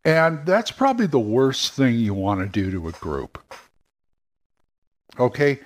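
An older man, a game master and former radio worker, talking casually and rambling, often acting out quick voices. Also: mid-range voice, very animated.

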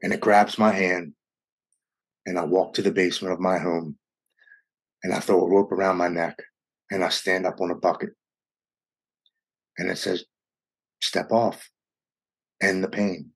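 A man candidly telling a raw personal story in an interview, speeding up and slowing down as the emotion rises. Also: sits low, little pitch movement, slightly rough. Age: adult with young children. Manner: earnest, raw, quickens and slows with emotion. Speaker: guest sharing his recovery story.

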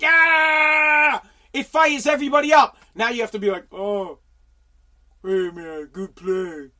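A middle-aged man ranting on a solo livestream, swearing and restarting his sentences, hoarse and losing his voice. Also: extremely high pitch, a bit bright. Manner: profane heated ranting, stumbling restarts.

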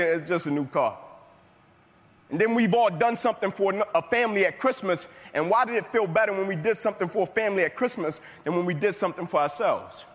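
A passionate male motivational speaker whose voice sits high and rolls through rhythmic, repeated phrases. His words ring out with a long hall reverb trailing behind them. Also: fairly bright tone. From United States. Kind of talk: motivational speech with storytelling.

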